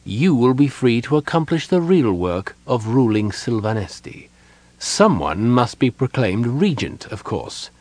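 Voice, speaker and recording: A man voicing a cold, scheming elven wizard advisor in an audiobook, calm and self-assured. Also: mid-range voice, unhurried, no echo. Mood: smooth.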